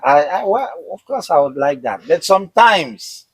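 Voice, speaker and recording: A husband talks through his side in a relaxed interview, circling back and repeating words as he thinks. His voice sits a little high for a man. The sound is dry and close. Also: normal speed, husky, no room sound, rough recording. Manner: repeats words while thinking, says "you understand?". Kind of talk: casual interview chat.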